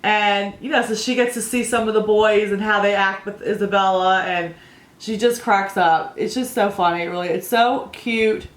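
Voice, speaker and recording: A woman's voice: mid-range voice, steady tone, normal speed, echoey room. A woman in her thirties chatting through a makeup tutorial, rambling and telling family stories as she goes. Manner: rambling, storytelling, laughs at own stories. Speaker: beauty vlogger.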